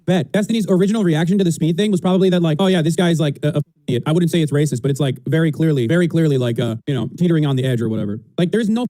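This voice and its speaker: A man's voice: fairly high pitch, racing, hardly any pauses, warm tone, no echo. A man streamer giving argumentative, sarcastic commentary on clips. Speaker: political streamer.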